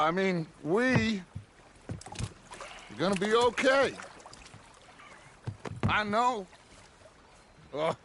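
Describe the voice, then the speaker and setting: An actor playing a charismatic middle-aged outlaw gang leader who talks in a smooth, reflective, persuasive way. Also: male voice, mid-range voice, noisy background. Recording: game audio over loud lapping water.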